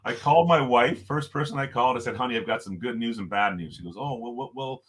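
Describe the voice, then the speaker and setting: A middle-aged man, a podcast guest, telling a story in a lively way and chuckling often. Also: medium pitch, fast. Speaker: podcast guest, former hockey coach. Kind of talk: storytelling in conversation.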